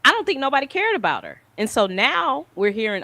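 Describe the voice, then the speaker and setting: A woman's voice: on the high side, big pitch swings, fairly quick, pushed and bright, no echo. Emphatic woman in dry close sound. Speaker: podcast co-host. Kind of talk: casual chat.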